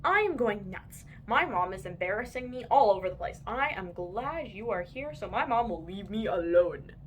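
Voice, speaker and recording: A woman voicing an easily embarrassed young boy, high and indignant, in a read-aloud children's story. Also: expressive, normal speed, a little hiss or hum, close to an everyday voice. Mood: pleading.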